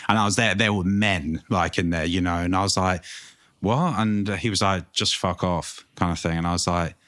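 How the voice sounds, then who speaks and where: A very low-voiced man chats as a guest, telling stories in a lively, loose way. He swears freely, and the talk stays casual. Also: a little fast, smooth. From England. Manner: animated storytelling, swears freely. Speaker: tattoo artist guest. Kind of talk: casual interview chat.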